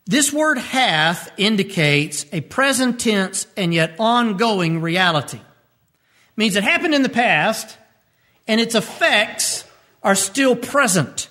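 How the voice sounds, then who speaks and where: Emphatic high-voiced male preacher. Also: lively intonation, takes it slowly, sharp tone. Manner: emphatic preaching, repeats key phrases, pitch leaps up when stressing points. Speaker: pastor. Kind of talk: radio sermon.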